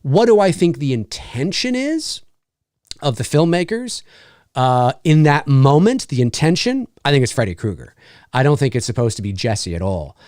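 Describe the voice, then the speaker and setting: A man's voice: medium pitch, normal speed, no room sound, clean studio sound. A man hosting a casual live Q&A, reading viewer questions and chatting about films, laughing easily. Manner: lively, laughs often, reads chat questions aloud. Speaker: host.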